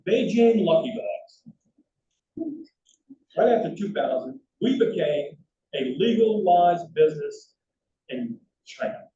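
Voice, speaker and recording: A man's voice: high voice, takes it slowly, pauses often, a little hiss or hum. An older man, telling anecdotes in a lecture with slides and often restarting his sentences. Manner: animated anecdotal storytelling with frequent restarts. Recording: roomy, distant, dull hall recording.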